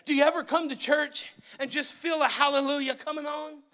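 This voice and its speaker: A man preaching a sermon in a church, excitable and loud, his voice rising into yelling. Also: very high-pitched, fairly quick. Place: church sanctuary.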